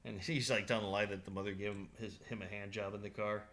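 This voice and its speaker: A man's voice: on the low side, steady tone, fast talker, fairly bright tone. A man co-hosting a casual podcast, rambling through movie scenes, laughing often and quoting lines. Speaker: podcast co-host. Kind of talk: casual chat.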